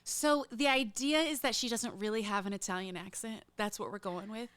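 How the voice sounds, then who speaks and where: A woman guest on a casual podcast, a comedian talking with animated, comically exaggerated outrage. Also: medium pitch, moderate pace, smooth, dry recording. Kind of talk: casual chat.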